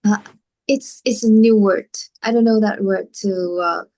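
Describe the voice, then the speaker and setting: A woman from Vietnam learning English, answering haltingly over a video call, often pausing to search for words. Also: medium pitch, steady tone, warm tone. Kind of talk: hesitant classroom answers.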